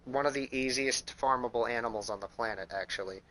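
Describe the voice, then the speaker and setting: A man's voice: medium pitch, fairly quick, a bit bright, slight background noise. A young man from Kansas with a Midwestern American accent, rambling profanely with lots of fillers in casual gameplay commentary at home. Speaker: gaming streamer.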